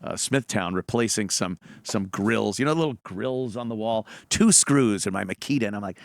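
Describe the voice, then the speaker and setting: A middle-aged comedian, appearing as a guest in a casual chat, tells profane stories with animation and acts out the quotes in them. His voice is lowish and creaky, at a moderate pace. The studio-quality recording has no room sound.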